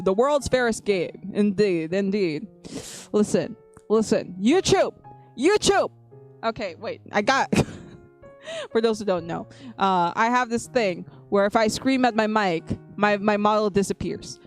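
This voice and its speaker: A woman VTuber chatting playfully with her viewers on a live stream, teasing them, repeating herself and laughing often. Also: medium pitch. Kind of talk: live-stream chat with viewers while drawing.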